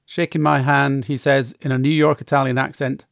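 A man narrating his own memoir in the first person, measured and plainspoken. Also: medium pitch, level tone, vocal fry, no room sound, clean studio sound.

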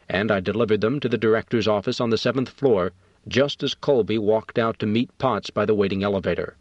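A man narrates an audiobook in a measured, matter-of-fact way. His voice is low. The recording is dull and very dry. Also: no echo.

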